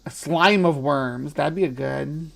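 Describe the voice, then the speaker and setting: A man's voice: fairly high pitch, measured pace, creaky, faint music behind. A man hosting a casual livestream, chatty and playful, often laughing. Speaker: livestream host.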